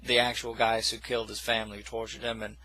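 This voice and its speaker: A man's voice: on the low side, level tone, quick pace, sharp tone, slight background noise, low-quality recording. A man casually recapping a film plot in a rambling, self-correcting way, with dismissive asides. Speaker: movie reviewer.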